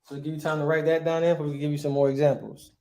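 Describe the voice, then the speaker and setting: A man's voice: on the high side, flat delivery, rapid-fire, warm tone, roomy sound. A male teacher giving a grammar lesson, asking his class questions and answering them himself, often checking with "right?".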